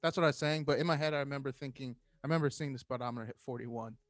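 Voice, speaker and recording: Male firefighter guest, thirties, mid-range voice, lively anecdotal delivery, dry close recording. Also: medium pitch, racing, no room sound. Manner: animated storyteller acting out quoted voices. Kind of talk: casual storytelling chat.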